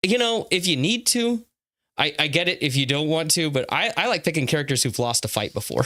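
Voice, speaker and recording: A man's voice: a little high, animated, a little fast, sharp tone. A man co-hosting a casual chat, rambling with frequent stammers and easy laughter. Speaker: podcast co-host.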